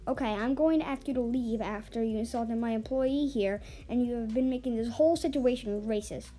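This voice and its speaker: A woman reading the lines of a calm, firm male auto shop owner who defends his employee. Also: on the high side, fairly quick, soft background music, close to an everyday voice.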